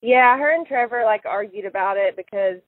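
Woman interviewee, halting and filler-heavy, thin phone-line sound, dry. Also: medium pitch, dry recording. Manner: hesitant, many fillers and restarts. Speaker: interviewee recalling events. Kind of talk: casual recorded interview.

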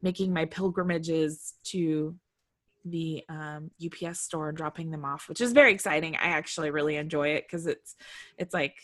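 A woman's voice: low-pitched, level tone, normal speed. Giggly podcast woman. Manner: bubbly, giggly, with many fillers. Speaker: podcast co-host. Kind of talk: casual chat.

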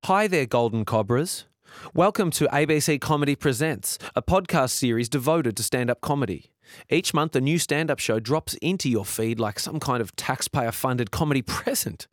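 A man's voice: medium pitch, expressive, moderate pace, no echo. A man, a comedian, giving a wry scripted introduction to a comedy podcast. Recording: dry studio voice over music.

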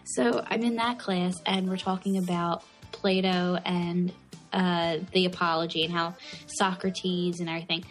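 A woman's voice: on the low side, little pitch movement, a little slow, soft background music. A young woman in her twenties, an art student co-hosting a podcast, rambling in casual chat with lots of fillers. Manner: rambling, lots of likes, laughing. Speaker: podcast co-host.

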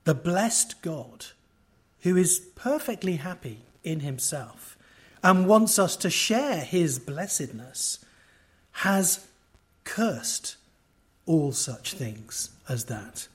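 Slow, high-voiced male preacher. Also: big pitch swings, husky. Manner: wry asides to the audience; emphatic, with wide swings in loudness. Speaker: preacher at a conference. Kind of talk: expository sermon.

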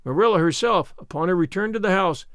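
A man narrating a classic novel as an audiobook, telling the story in an expressive, measured way. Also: sits high, dry recording, studio quality.

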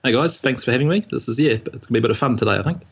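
A man in his forties with a New Zealand accent, answering interview questions in an easygoing, measured way with some hesitant ums. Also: mid-range voice, gravelly, breathy edge, highs cut off. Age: 40s. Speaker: podcast guest.

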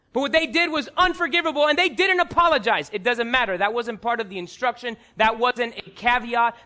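High, bright-voiced man preaching a sermon. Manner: animated preaching, acting out voices in stories. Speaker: pastor.

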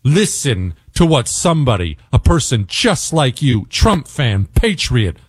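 A man's voice: medium pitch, sing-song, slightly rough, no room sound. Guy hosting talk radio, fired up and emphatic, voice swings up and down a lot, dry close sound. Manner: emphatic, slows to hammer points. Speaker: radio talk show host. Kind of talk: opinion monologue.

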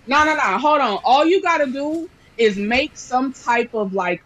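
A man's voice: very high voice, animated, normal speed, fairly bright tone, low-quality recording. A man from Texas, teasing and playful in casual banter.

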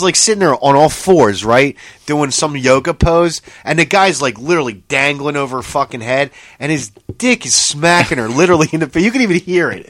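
On the high side with no echo, this man's voice drives lively storytelling as he co-hosts a casual podcast chat. He swears a lot, laughs often and breaks into incredulous outbursts.

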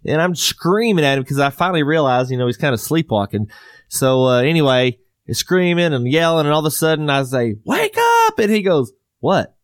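A man's voice: fairly high pitch, fairly quick, smooth, dry recording, clean studio sound. Laid-back rambling man. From Southwest US. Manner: rambling storyteller, laughs often. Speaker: podcast host. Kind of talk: casual chat.

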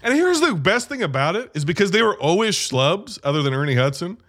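Animated man cursing through a movie chat. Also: sits high, brisk. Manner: animated, profane, retells scenes. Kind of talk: casual movie review chat.

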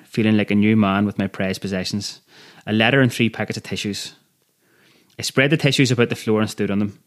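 Earnest low-voiced man reading. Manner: earnest, measured, quietly emotional. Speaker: reader. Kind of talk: first-person memoir reading.

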